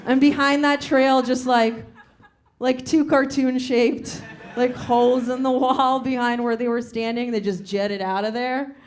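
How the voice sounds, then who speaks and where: Young woman stand-up comic, chatty storyteller with deadpan punchlines, voice a bit on the high side. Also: a little slow. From Soviet Union. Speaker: stand-up comedian. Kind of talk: stand-up comedy. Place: comedy club stage.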